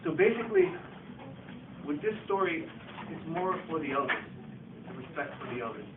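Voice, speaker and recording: A man's voice: fairly high pitch, huge pitch swings, moderate pace. A man acting as storyteller, casually telling an oral folktale in a repetitive style and talking directly to his listeners. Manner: casual, repetitive "he goes" narration addressing listeners. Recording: distant echoey tinny recording with faint noise.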